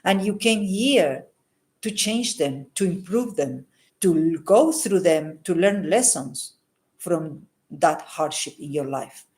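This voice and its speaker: A woman's voice: fairly low pitch, animated, slow pace, darkish tone. A woman healer giving an earnest, unscripted talk to camera, repeating phrases for emphasis and adding a questioning "hmm?" after her points. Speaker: holistic healer and psychic. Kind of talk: unscripted advice monologue to camera.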